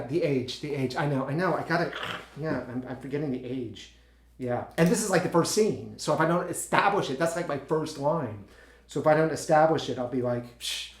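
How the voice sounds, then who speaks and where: An actor playing an insecure, easily frustrated young stage actor in his twenties, who talks in halting, stammering bursts to partners the audience never hears. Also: medium pitch, a little hiss or hum, lightly acted. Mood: chatty. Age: 20s. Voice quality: stammering, halting, full of restarts. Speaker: actor in a one-man play. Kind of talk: solo stage monologue, talking to unseen partners. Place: theatre stage. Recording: roomy theatre sound.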